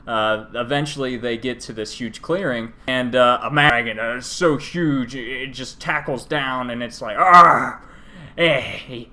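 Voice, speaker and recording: Male podcast co-host, mid-pitched, loose jokey recap with quick character voices. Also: pushed and bright. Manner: jokey, rambling retelling with put-on character voices.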